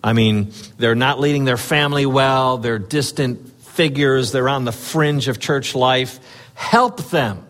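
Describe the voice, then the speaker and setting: A man's voice: mid-range voice, fairly even intonation, a little slow, few pauses, fairly bright tone. A man preaching a conversational sermon as pastor, telling a personal story with earnest urging and frequent fillers.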